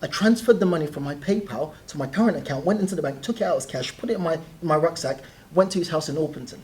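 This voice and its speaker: A young man, a guest telling animated stories in a casual interview and often laughing as he talks. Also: on the high side, fast talker. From South East London.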